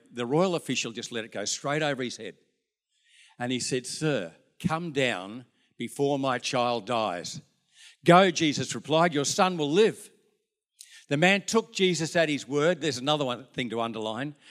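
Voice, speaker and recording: A man's voice: on the high side, fairly bright tone. An older man with an Australian accent, preaching a sermon as a pastor, telling folksy stories with asides to the congregation. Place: church.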